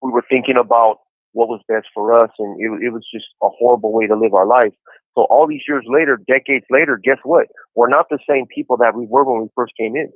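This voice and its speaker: A man's voice: medium pitch, a little fast, no room sound. A man in his forties calling in to a podcast, chatting casually and telling his story in an easygoing way with lots of "you know". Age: 40s. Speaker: incarcerated caller on a podcast. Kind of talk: casual phone chat. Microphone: phone handset. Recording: tinny prison phone line.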